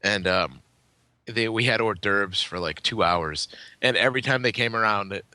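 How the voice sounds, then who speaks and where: A man's voice: lowish voice, moderate pace, pushed and bright, no echo. A man co-hosting a casual podcast, telling blunt stories and swearing freely as he acts out what people said. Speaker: podcast co-host.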